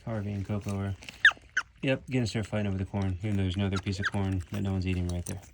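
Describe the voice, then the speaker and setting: A man's voice: deep voice, little pitch movement, fast talker, creaky, heavy background noise. A man who keeps an animal sanctuary, narrating a casual vlog outdoors, explaining animal care plainly and cooing at the animals.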